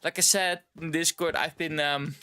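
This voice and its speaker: A man's voice: on the high side, steady tone, moderate pace, bright, forceful tone, clean tone. A male streamer chatting casually while playing a game, rambling and a little tipsy. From Canada.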